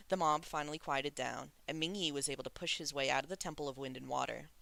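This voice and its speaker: A person casually reading a novel aloud, relaxed and sometimes restarting a phrase. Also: mid-range voice, gravelly, no room sound. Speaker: reader of a novel. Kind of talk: casual read-aloud narration.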